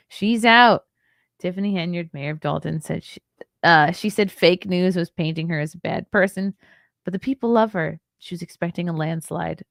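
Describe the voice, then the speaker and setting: A woman's voice: lowish voice, moderate pace, vocal fry, no room sound, clean studio sound. A woman in her thirties hosting a casual livestream, reading news aloud and answering chat messages with wry, chatty asides and a tired air. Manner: chatty and wry, laughs and ad-libs between reading. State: tired, yawning. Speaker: livestream host.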